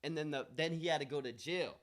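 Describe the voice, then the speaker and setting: A man with a New England accent telling a story among friends, animated and swearing as he acts out what people said. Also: on the high side, fast talker.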